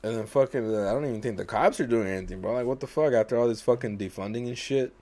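A young man co-hosts a laid-back podcast, rambling, swearing constantly, laughing often, and voicing quotes dramatically. His mid-range voice is mellow, and he talks fast.

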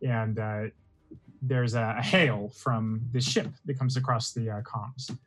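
A man narrating a tabletop game as game master, relaxed and full of fillers. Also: mid-range voice, a little slow, husky, faint music behind, rough recording. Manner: relaxed, rambling with many fillers.

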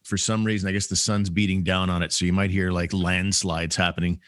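A man's voice: low voice, flat delivery, a little fast, a bit bright, no room sound. A man co-hosting a podcast from his home studio, easygoing and steering the talk between topics. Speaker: podcast co-host. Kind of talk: casual chat.

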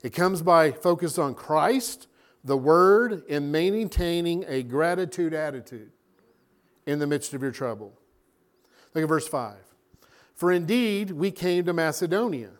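Animated male pastor preaching. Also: fairly high pitch, a little slow. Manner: animated preaching, acting out voices. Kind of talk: sermon.

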